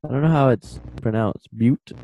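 A young man bantering casually with a friend, firing off quick deadpan comebacks. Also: mid-range voice, slight background noise, poor audio. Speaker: co-host. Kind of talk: casual chat.

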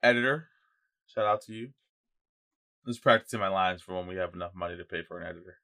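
A young man riffs casually as a podcast co-host, talking fast in a low-set but bright, forceful voice. His talk is loose and joking, packed with profanity.

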